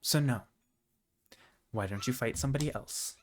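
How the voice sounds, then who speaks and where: A man's voice: medium pitch, moderate pace, faint music behind, close to an everyday voice. A man voicing a grumpy orc woman who leads a camp, speaking in a blunt, curt and unimpressed way. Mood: challenging.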